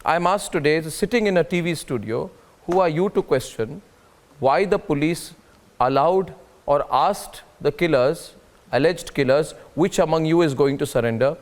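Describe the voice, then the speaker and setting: Indian male news anchor, fairly high voice, insistent and emphatic, repeats phrases for punch. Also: moderate pace. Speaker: debate anchor. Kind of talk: televised studio debate. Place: TV studio.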